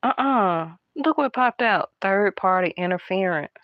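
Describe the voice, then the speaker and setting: A woman doing a casual tarot card reading, talking in a hushed, half-whispered, chatty way to her viewers. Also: mid-range voice, lively intonation, a little slow, dry recording, dull audio. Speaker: tarot reader.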